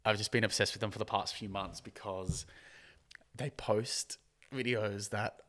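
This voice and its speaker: A man's voice: on the low side, fairly even intonation, unhurried, a bit bright. A man, a podcast guest, chatting casually in a rambling, giggly way, filling his talk with "like".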